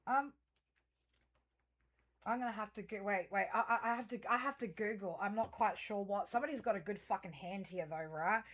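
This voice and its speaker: A woman's voice: medium pitch, fairly quick, a bit bright. Rambling, foul-mouthed woman tarot reader. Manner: rambling, profane, talks straight to viewers; chatty, self-interrupting, frequent fillers. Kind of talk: casual solo reading for viewers.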